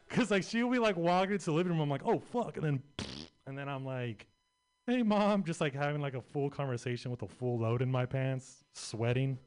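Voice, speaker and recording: A man's voice: medium pitch, a little fast, smooth. A young adult man doing a stand-up set, rambling and crude with lots of filler words. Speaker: stand-up comedian.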